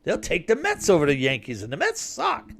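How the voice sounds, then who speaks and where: A man's voice: sits high, huge pitch swings, fairly quick, vocal fry, a bit bright. A man delivering an emphatic, rambling political monologue with sarcastic asides. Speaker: political commentator.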